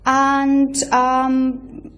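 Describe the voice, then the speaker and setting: A woman's voice: high-pitched, completely flat delivery, very slow, a bit bright. A woman giving a university lecture, explaining step by step with many fillers and checking in with "right?". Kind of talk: recorded lecture.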